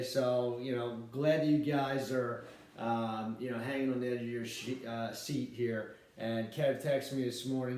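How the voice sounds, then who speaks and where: A man's voice: mid-range voice, unhurried, darkish tone. A man hosting a casual fantasy football podcast, talking in a rambling, upbeat way with lots of fillers. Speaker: podcast host, league commissioner. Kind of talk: casual solo podcast chat. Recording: very echoey room, mic at a distance.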